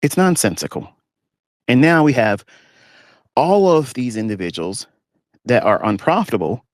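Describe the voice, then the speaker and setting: A man's voice: mid-range voice, very animated, normal speed, no room sound, clean studio sound. A man talking as a trading mentor, blunt and ranting, mocking others in a live audio talk from inside a parked pickup truck. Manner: blunt, ranting, mocking rivals in put-on whiny voices.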